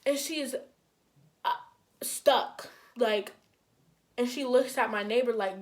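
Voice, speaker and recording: A young woman from Minnesota, casually telling a personal story to camera, animated and full of "like", acting out what people said. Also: on the high side, takes it slowly, pauses often. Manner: animated, heavy use of "like", acts out quotes. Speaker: storytime vlogger.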